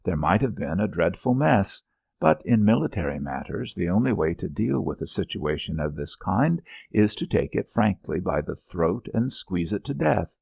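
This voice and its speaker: Low gravelly male audiobook narrator. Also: no echo, dull audio. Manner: measured, expressive storytelling.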